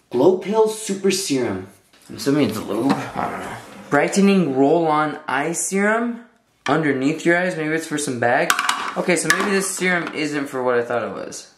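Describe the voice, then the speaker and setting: A young man vlogging casually in his bathroom, joking and self-conscious as he rambles. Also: a little high. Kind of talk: casual vlog chat. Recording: echoey bathroom, faint noise.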